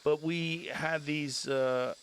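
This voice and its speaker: A middle-aged podcast host chats in a laid-back, rambling way and laughs often. His voice sits a bit high for a man, with a faint hiss beneath it. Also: steady tone, slow pace, a bit bright. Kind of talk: casual podcast chat.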